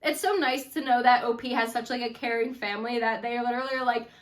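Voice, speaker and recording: A woman hosts a casual reaction chat, speaking straight to her viewers. Her voice sits a little higher than most women's. She gushes as she talks and scatters "like" through every sentence. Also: quick pace. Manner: chatty, gushing, many "like" fillers. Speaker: host.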